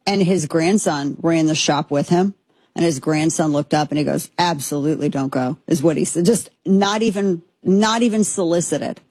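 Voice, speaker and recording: A woman's voice: on the low side, normal speed, dark tone, husky, no room sound. A woman hosting a political commentary show, speaking in an emphatic, impassioned way that rambles with restarts. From United States.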